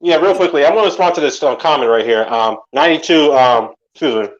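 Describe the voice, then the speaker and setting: A man's voice: a little high, quick pace. Blunt, swearing man, dull recording. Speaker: podcast guest. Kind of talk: boxing opinion talk.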